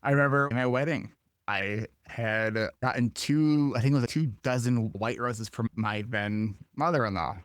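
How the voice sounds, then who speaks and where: A man hosts a conversational podcast interview, asking questions and responding in a calm, supportive way. His voice sits in a medium range and is recorded dry and close. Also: medium pitch, normal speed, clean tone, no room sound. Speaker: podcast host.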